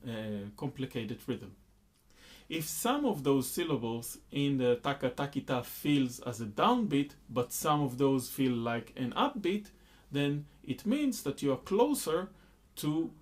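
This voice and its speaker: A man's voice: mid-range voice, darkish tone. A man teaching a rhythm lesson, patiently explaining beats and counting rhythm syllables aloud. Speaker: music teacher.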